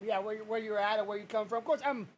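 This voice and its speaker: A man's voice: sits high, fairly even intonation, very fast, slight background noise. A man hosting a podcast, talking in a loose, rambling way and laughing often between points. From Louisiana and Mississippi, USA. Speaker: podcast host. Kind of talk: casual podcast chat.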